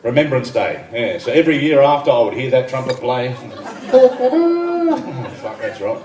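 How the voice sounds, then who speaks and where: Brisk and medium-pitched with a slightly dark tone, this thirty-something Australian comedian works the crowd at a benefit venue with deadpan one-liners and asides. A far-off phone picks him up amid echo, laughter and general room noise.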